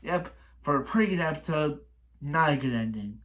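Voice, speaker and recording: A man's voice: fairly high pitch, animated, moderate pace, a bit bright, a little hiss or hum. A man giving a casual spoken recap of a TV episode, rambling with many restarts and repeated phrases, and complaining about the ending. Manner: exasperated complaining. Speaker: reaction video host.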